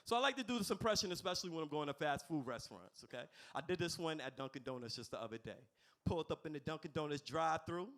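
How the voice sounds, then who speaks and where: A man doing a stand-up comedy set in a club, animated and playful, talking to the crowd through a stage mic. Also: fairly high pitch, fast talker.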